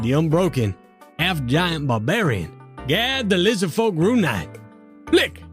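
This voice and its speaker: A man voicing a folksy, hospitable Cajun male potion shopkeeper with a Cajun accent, reading sponsor shout-outs in character in a drawling manner. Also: high voice, vocal fry, voice pushed up, full character voice.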